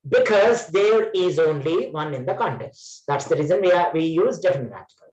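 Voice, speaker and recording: A man's voice: fairly high pitch, expressive, normal speed, a little mellow, highs cut off. Man, English trainer, online class lecture, repeats himself, self-corrects, echoey room.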